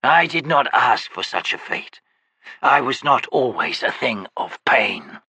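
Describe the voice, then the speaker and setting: A man voicing a broken, chained male creature in an audiobook, with a rasping, wheezing voice and a slow, menacing way of talking. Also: mid-range voice, sing-song, sharp tone, no echo, full character voice. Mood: bitter.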